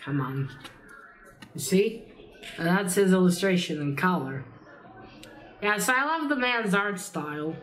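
A young woman with a lowish voice chats loosely about her books, wandering between thoughts and dropping the occasional swear. She has a slight cold that roughens the edges of her casual vlog talk. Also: lively intonation, a little slow, long pauses, a bit bright. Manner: rambling, casual, swears lightly. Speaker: book vlogger. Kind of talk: casual reading vlog chat.

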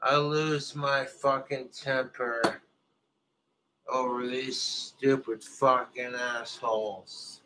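A live streamer swearing and shouting at objects in fits of rage, muttering bitterly between outbursts. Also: male voice, mid-range voice, level tone, extremely slow, slight background noise. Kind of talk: angry solo rant on stream.

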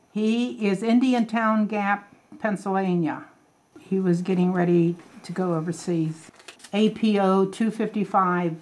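An older woman reminiscing in a documentary interview, speaking haltingly and repeating words when she is moved. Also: mid-range voice, a little mellow, a little hiss or hum. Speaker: widow recalling wartime letters.

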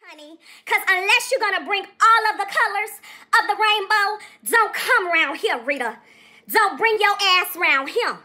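A woman with a very high, bright voice that swoops up and down as she talks. She chats with her livestream audience in a theatrical, sassy way, and her exclamations are drawn out. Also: animated, normal speed. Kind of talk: livestream chat.

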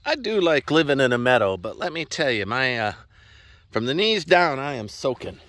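A man's voice: medium pitch, big pitch swings, moderate pace, a bit bright, dry recording. A man casually vlogging outdoors on his ranch, rambling in a folksy way as he walks the land and chats to his horse. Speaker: farm vlogger. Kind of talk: casual walk-and-talk vlog. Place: outdoors on a ranch in a wet meadow.

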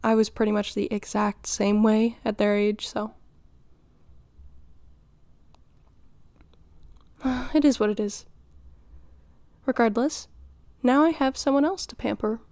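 A woman voicing a doting, flirty middle-aged mother in an audio role-play, nurturing and teasing with giggles and flustered pauses. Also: on the high side, fairly even intonation, a little mellow, no room sound, close to an everyday voice. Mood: wistful.

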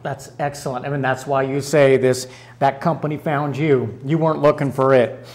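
A man's voice: medium pitch, fairly even intonation, normal speed, a little mellow. A man hosts a conversational interview. He affirms his guest as he listens. Then he sums up the story back to him in his own words. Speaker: interview host.

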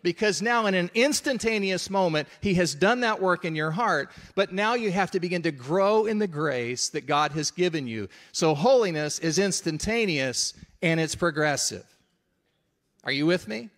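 Middle-aged preacher with a higher voice. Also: male voice, expressive, normal speed, fairly bright tone. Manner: conversational, checks in with the audience. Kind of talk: storytelling sermon.

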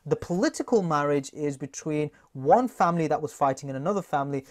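A man teaching a recorded test-prep lesson, talking straight to his class in a lively, jokey way. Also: fairly high pitch, fast talker.

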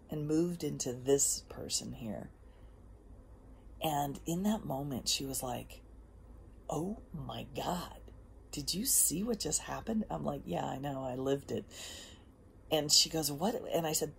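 Woman host, low and husky-gravelly voice, casual motivational chat, whispery asides, faint background noise. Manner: emphatic, drifts between soft whispers and bursts. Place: outdoors.

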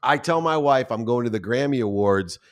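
A man's voice: medium pitch, animated, a little fast. Male guest, 50s, heartfelt storyteller, mid-range voice. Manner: emotional, acts out quoted voices. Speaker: podcast guest. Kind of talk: personal storytelling.

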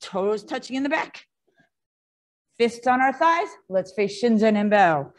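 A woman karate instructor leading a children's class, calling commands and counting in Japanese, encouraging but gently firm. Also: fairly high pitch, animated, a little slow.

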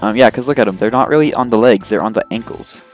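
A man's voice: lowish voice, fast. A man giving casual, rambling commentary on his gameplay as a let's play host, joking at his own expense. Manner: rambling, self-deprecating, jokey, lots of fillers. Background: faint game music.

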